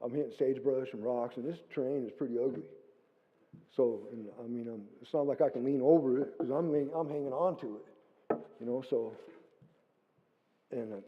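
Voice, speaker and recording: A middle-aged man giving a guest testimony in a church hall, telling his story in a lively way and acting out what he said. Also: medium pitch, normal speed, long pauses, a little hiss or hum. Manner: animated storytelling, acting out his own quotes. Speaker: guest speaker. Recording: phone-like lo-fi sound with long hall reverb.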